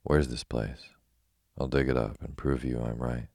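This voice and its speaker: An earnest, curious young country girl from a storybook, as a man reads her in a very deep voice. The voice stays level and gravelly, calm and slow for sleep. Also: no echo, studio quality, heavily acted. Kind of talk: bedtime story reading.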